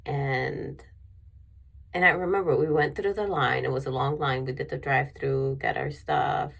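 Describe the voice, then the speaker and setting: A woman's voice: very deep voice, fairly even intonation, moderate pace, gravelly, breathy edge. A woman vlogger telling a personal story in a rambling way with many restarts, emotional and near tears.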